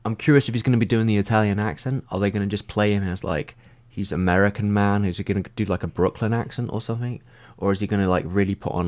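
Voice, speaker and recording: Low-voiced man rambling through stream chat. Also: darkish tone. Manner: rambling, heavy use of "like"; thinks aloud with frequent restarts. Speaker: streamer answering viewer comments. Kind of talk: casual livestream chat.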